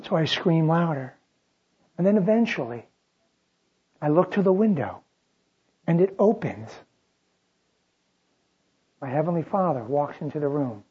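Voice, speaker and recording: A preacher delivering a sermon, shifting between loud, dramatic outbursts and quiet, drawn-out phrases. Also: mid-range voice, animated, husky, lo-fi sound.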